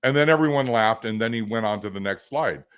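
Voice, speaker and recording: A man's voice: fairly low pitch, fairly quick, fairly bright tone, smooth. A man hosting a livestream as a business coach, teaching in a casual, rambling way with many fillers and joking asides.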